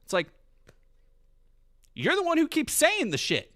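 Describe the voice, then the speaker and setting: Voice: sits high, huge pitch swings, fairly bright tone. A streamer ranting heatedly and profanely on their stream. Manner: profane, heated, fast rant. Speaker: commentary streamer.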